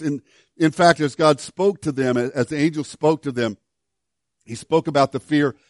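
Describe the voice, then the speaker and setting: Older male pastor, slightly high voice, chatty sermon delivery with dry close sound. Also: dry recording. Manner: conversational, storytelling, self-deprecating humor.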